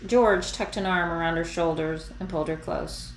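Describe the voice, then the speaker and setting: A woman reading a story aloud in a soft, even narrating voice. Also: on the low side, moderate pace, a little hiss or hum. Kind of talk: fan fiction read aloud. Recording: echoey room.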